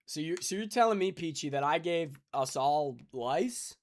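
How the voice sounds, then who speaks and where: Lively-pitched male gaming streamer. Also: moderate pace. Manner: jokey banter with chat, sleepy and rambling. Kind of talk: live gaming stream chat.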